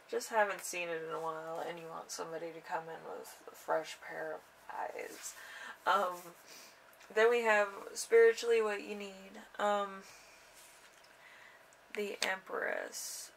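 A young woman giving a casual tarot reading in an unhurried, rambling way with drawn-out fillers. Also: lowish voice, vocal fry, a bit bright, far from the mic, a little hiss or hum, poor audio. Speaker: tarot reader.

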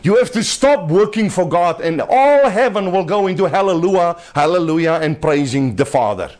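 High-voiced man preaching emphatically. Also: lively intonation, moderate pace, a little mellow. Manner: emphatic, conversational preaching with laughs. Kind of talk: sermon. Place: home gathering with listeners.

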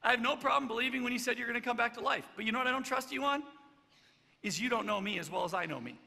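A man's voice: very high voice, very fast, gravelly, pushed and bright, big-room sound, pitched above the performer's own voice, full character voice. A man voicing a brash, loyal male disciple who protests emphatically. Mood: insistent.

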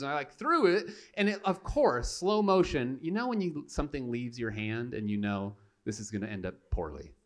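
Talking briskly with hardly any pauses, a young pastor delivers a storytelling sermon on a stage mic in a church sanctuary, acting out his characters' voices for laughs. He pokes fun at himself, shouting in a high pitch at the peaks and then easing back to a relaxed, chatty tone.

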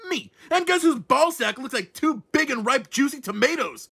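Knuckles: a man doing a gravelly, dim echidna. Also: very high voice, lively intonation, moderate pace, a bit bright, heavily acted. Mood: cocky. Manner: boastful, crude, stammering when worked up. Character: dim crude brash male echidna plush. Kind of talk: puppet comedy sketch.

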